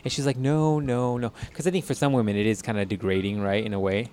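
A man's voice: on the low side, rapid-fire, darkish tone, a little hiss or hum. A man co-hosting a podcast, telling a crude story in a loose, casual way with frequent laughs and fillers. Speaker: podcast co-host.

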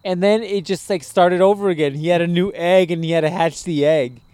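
A young man hosting a podcast, telling profane, animated stories in a casual chat. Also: high voice, fairly quick, clean tone, no room sound. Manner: profane, animated storytelling with laughs. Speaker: podcast host.

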